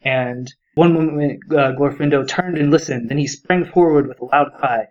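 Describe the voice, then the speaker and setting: A man's voice: on the high side, normal speed, few pauses, a little mellow, muffled recording. Enthusiastic man rambling about a book. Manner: enthusiastic, rambling with many fillers. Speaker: podcast co-host. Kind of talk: casual book discussion.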